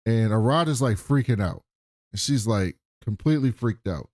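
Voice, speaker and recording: A man's voice: on the low side, lively intonation, moderate pace, a little mellow, no room sound, studio quality. A man co-hosting a podcast, casually and animatedly retelling a TV episode, often laughing. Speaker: podcast co-host. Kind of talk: casual TV recap chat.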